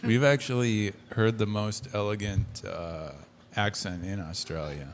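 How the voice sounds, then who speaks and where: A man's voice: on the low side, fairly even intonation, measured pace, a little hiss or hum. A man co-hosting a podcast, chatting casually with dry, teasing quips. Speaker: podcast co-host.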